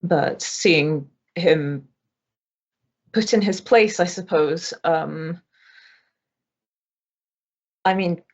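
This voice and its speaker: A woman's voice: fairly low pitch, drawn-out words, pauses often, a little mellow, lo-fi sound. A woman player describing her character's actions in a tabletop game, hesitant and weary. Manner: hesitant, tired. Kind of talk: in-character role-play narration.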